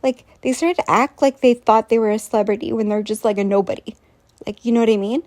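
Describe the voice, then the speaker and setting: A woman with a notably high-pitched voice tells a long, rambling story to her viewers. She sounds incredulous and scornful, and she keeps breaking off to ask her audience questions directly. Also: steady tone, fast talker, darkish tone. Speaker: vlogger.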